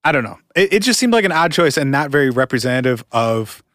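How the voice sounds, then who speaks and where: A man on a podcast retelling a missing-person case in a measured, casual way, with occasional laughs. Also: medium pitch, very animated, a bit bright, no room sound, clean studio sound. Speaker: podcast co-host telling the stories.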